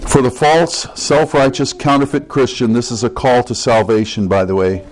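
A man's voice: medium pitch, fairly even intonation, normal speed, rough recording. Earnest conversational male preacher. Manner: earnest, conversational, reads scripture aloud. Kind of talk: sermon.

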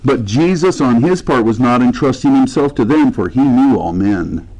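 A man preaching in an easygoing, conversational way, walking through scripture verse by verse. He keeps jumping into the voices of the people in the story. His voice sits in a plain middle pitch. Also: animated, moderate pace, dark tone, rough recording. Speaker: pastor. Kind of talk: sermon.

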